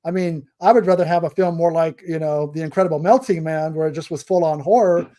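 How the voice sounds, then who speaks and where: Man, mellow voice, slightly high pitch, podcast co-host, relaxed hesitant chat. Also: quick pace. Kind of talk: casual film review chat.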